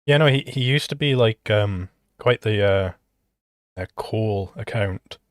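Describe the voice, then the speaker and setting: A man co-hosting a livestream, talking casually and haltingly with many fillers. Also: fairly low pitch, dry recording, clean studio sound.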